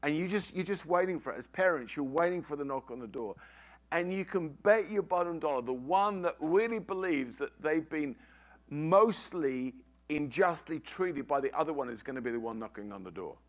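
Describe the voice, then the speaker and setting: A man's voice: fairly high pitch, lively intonation, moderate pace. A middle-aged man preaching a sermon, telling a family story with emphatic, repeated phrases.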